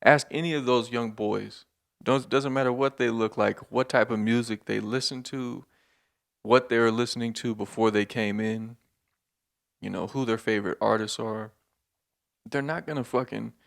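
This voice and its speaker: A man's voice: mid-range voice, creaky. A man hosting a podcast, ranting in a casual, profane, rambling way and laughing between points, and sounding hungover. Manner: profane, rambling, laughing, with many filler words. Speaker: podcast host. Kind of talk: casual monologue rant.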